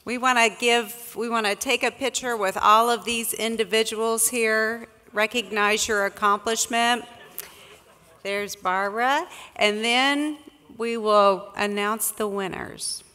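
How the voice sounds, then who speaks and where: Woman presenter on stage, unhurried, crisp bright tone, long hall echo. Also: on the high side, steady tone. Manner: calls out names and sites, some slips and restarts. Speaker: awards presenter. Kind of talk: slow announcing of names at a conference. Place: large conference hall with an audience. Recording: distant echoey hall, crowd murmur.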